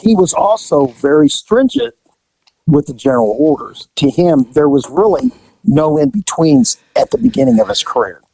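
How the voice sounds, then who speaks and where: A man's voice: on the high side, normal speed, breathy edge, no room sound, low-quality recording. An older man and retired police officer, telling stories in a casual chat and acting out the people in them. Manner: animated storyteller who acts out quotes.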